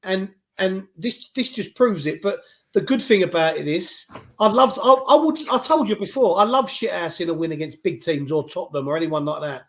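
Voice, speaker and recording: A man talks excitedly about the game in a high voice. He swears as he gets caught up in it. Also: a little fast. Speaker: fan co-host. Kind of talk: casual football reaction chat.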